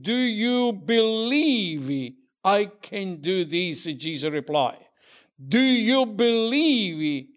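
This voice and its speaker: Preacher, man, slow and repetitive delivery, fairly high voice. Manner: slow, earnest, repetitive preaching with halting restarts. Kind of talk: sermon.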